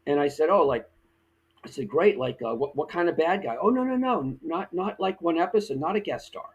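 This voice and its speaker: A man with a husky, slightly raised voice tells a story as a podcast guest. He acts out the lines of the people in it with lively energy. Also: a little high, brisk, low-quality recording. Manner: animated, acts out quoted dialogue. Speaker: guest actor. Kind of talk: casual storytelling.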